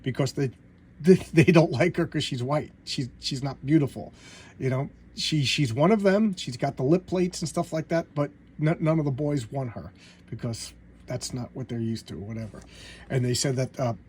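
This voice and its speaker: A man casually retelling comic book stories in an animated way, slipping into voices for the characters. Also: medium pitch, moderate pace, slight background noise.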